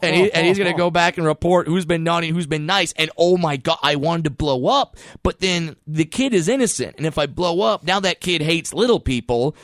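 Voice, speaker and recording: A man's voice: on the high side, a little fast, few pauses, no echo. A man telling comic stories in a chat, acting out the people he quotes. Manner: animated storyteller who acts out quoted voices. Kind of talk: storytelling chat.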